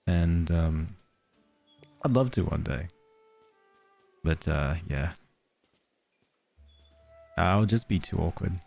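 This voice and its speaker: A man's voice: low-pitched, expressive, takes it slowly, gravelly, long pauses, a little mellow, soft background music. A man streaming a cozy game, chatting casually and giggling while reading game letters aloud. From Australia. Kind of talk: casual let's-play chat.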